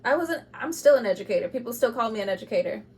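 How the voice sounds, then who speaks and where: A woman giving an intuitive tarot reading to camera, speaking bluntly and with passion, moving between loud urging and quiet asides, with laughs between points. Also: on the high side, lively intonation, fast talker. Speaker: tarot reader.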